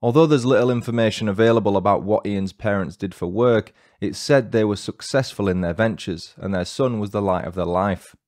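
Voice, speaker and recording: A man's voice: fairly low pitch, brisk, hardly any pauses, darkish tone, no room sound. A man hosting a true-crime podcast, reading a scripted narration with dry, lightly joking asides. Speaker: podcast host.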